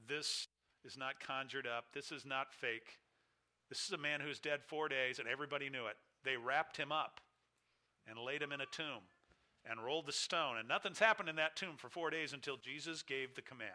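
A man preaching a sermon, emphatic, with big swings in loudness and pitch. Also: normal speed. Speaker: pastor.

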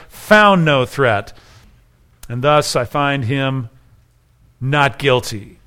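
A man preaching an expository sermon, emphatic, repeating key phrases and slowing down for quoted scripture. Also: fairly high pitch, fairly bright tone.

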